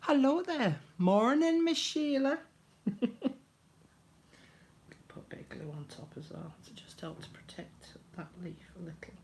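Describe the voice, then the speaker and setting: An older woman hosting a casual craft live stream, chatty and greeting viewers by name, her voice dropping to soft murmurs as she works. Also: a little high, sing-song, unhurried, long pauses, a little hiss or hum.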